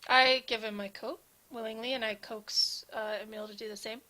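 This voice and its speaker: A woman's voice: fairly high pitch, fairly even intonation, moderate pace, bright, forceful tone. A woman playing in a tabletop game, describing her character's actions in plain, brief responses. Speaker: player. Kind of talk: casual role-play.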